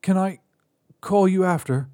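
A man's voice: high voice, measured pace, dark tone, pitched above the performer's own voice. A man voicing a heartbroken young man who pleads with his ex, choked and breathless. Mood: pleading.

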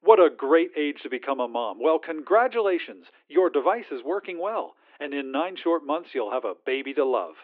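A man's voice: fairly high pitch, sing-song, moderate pace, few pauses. A man voicing a relentlessly cheerful corporate phone agent through a phone filter, with a sugary customer-service politeness. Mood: sweetly insistent. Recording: tinny phone line.

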